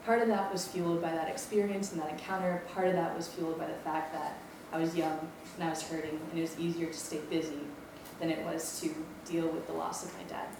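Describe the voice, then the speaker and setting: Young woman from hawaii, campus ministry staff, rambly self-deprecating testimony, lower voice, echoey room, mic far off. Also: level tone, brisk, hardly any pauses. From Maui, Hawaii. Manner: chatty, self-deprecating, many ums. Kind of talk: personal testimony talk. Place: lecture room. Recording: echoey room, distant mic, background noise.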